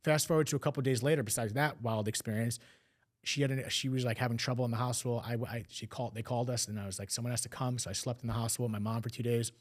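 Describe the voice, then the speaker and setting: Fast-talking man recounting family story. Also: mid-range voice, steady tone. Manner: fast, emotional retelling with acted quotes. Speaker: podcast guest. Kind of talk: personal storytelling.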